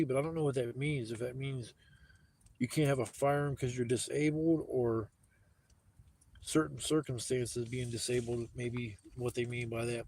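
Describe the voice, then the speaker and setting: A man's voice: medium pitch, darkish tone. A man livestreaming outdoors in the woods on a phone, telling stories in a rambling, profane way and quoting people as he goes. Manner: rambling, profane, heated retelling with quoted dialogue. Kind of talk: casual storytelling livestream.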